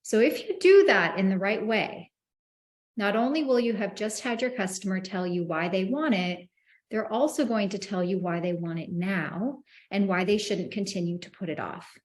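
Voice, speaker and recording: A woman teaching telephone sales, confident and emphatic, acting out call lines in a brighter voice. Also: mid-range voice, normal speed. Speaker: insurance sales trainer. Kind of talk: instructional talk to the camera.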